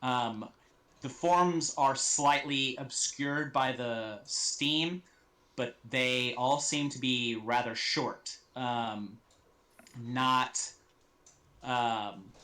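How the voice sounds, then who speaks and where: Slow, bright-voiced male game master. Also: mid-range voice. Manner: halting, full of ums and restarts. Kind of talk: narrating a tabletop game.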